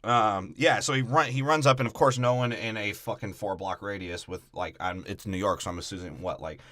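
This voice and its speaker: A man's voice: fairly low pitch, a little fast, pushed and bright, no echo, studio quality. A man co-hosting a casual comedic movie breakdown podcast, riffing crude, profane jokes. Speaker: podcast co-host.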